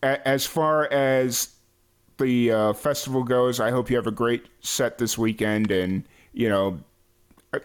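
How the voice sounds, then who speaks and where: A man's voice: mid-range voice, fairly even intonation, measured pace, clear, resonant tone. An American man hosting a casual music podcast interview, talking in a loose, searching way. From United States. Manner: hesitant, many fillers and restarts. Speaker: podcast host.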